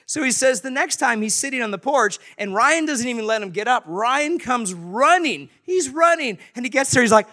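Man, storyteller, high-pitched, animated, chuckling. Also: normal speed, few pauses. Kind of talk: storytelling to an audience.

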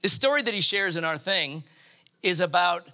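At a normal speed, a man delivers a sermon built around a story, his voice fairly high, very bright, and forceful. He remains animated and imitates the voices of the story's characters.

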